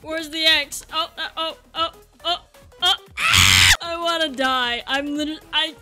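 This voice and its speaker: A young woman streaming a kart racing game while tipsy, giggling, shouting and rambling with silly sound effects. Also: high voice, steady tone, moderate pace. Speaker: gaming streamer. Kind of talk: drunk livestream commentary. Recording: loud game music behind.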